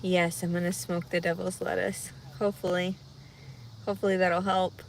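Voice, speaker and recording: A heavily pregnant woman chatting casually with viewers on a livestream, rambling and anxious, her voice jumping into loud high cries when she gets upset. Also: little pitch movement, moderate pace, gravelly, slight background noise. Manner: rambling, talks through her worries out loud. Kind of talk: casual live chat.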